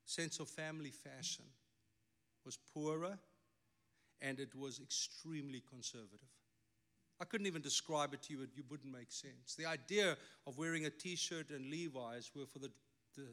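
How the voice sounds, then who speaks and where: A man's voice: medium pitch, bright, forceful tone. A middle-aged man with a South African accent, a native Afrikaans speaker, preaching a sermon with emphatic delivery and wry asides. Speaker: pastor.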